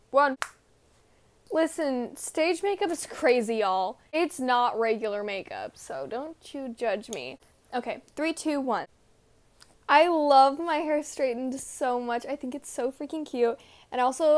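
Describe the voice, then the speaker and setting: A teenage girl chatting in a bubbly, gushing way as she vlogs her day. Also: on the high side. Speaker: vlogger. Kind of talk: casual vlog. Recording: noisy background.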